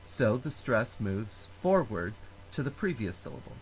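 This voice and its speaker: A man teaching a Latin lesson, explaining stress rules slowly and carefully and sounding out example words. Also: fairly low pitch, very animated, slight background noise, poor audio. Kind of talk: recorded lecture.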